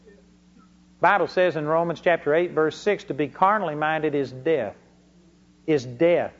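Male preacher with a high voice, folksy sermon delivery, punchy emphasis. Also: unhurried. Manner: folksy storytelling with bursts of emphasis. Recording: dull lo-fi recording.

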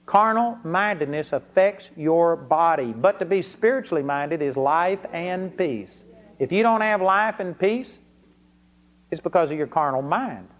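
Male preacher with a high voice, folksy sermon delivery, punchy emphasis. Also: expressive, a little slow. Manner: folksy storytelling with bursts of emphasis. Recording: dull lo-fi recording.

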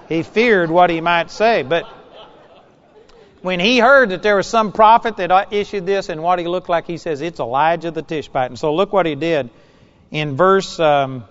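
A man delivers a sermon, reading scripture and then retelling it in his own conversational words with little asides. His voice sits a bit high for a man. The recording is muffled and lo-fi. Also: a bit bright, in a large hall. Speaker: preacher.

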